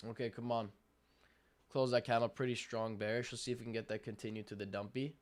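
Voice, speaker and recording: A young man calls his trades live on a stream, slangy and hyped, breaking into loud cheers. His voice sounds smooth and clear. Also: mid-range voice, little pitch movement, fast. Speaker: livestream day trader. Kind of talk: live trading stream commentary.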